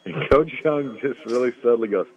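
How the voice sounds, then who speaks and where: Over a tinny phone line, a man with a mid-range, somewhat dark voice tells rambling stories at a moderate pace. He is a former college football lineman, and he laughs his way through the anecdotes in casual storytelling.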